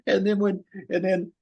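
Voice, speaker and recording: A man's voice: high-pitched, creaky, a bit bright, husky. A man hosting a casual interview, retelling a story in a rambling way with frequent fillers.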